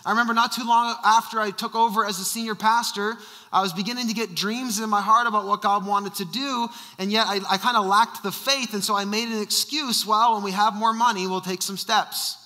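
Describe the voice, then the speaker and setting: Brief: emphatic male senior pastor, high and sharp-toned, reverberant sanctuary. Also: steady tone, fairly quick. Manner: emphatic, repeats rhetorical questions. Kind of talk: sermon.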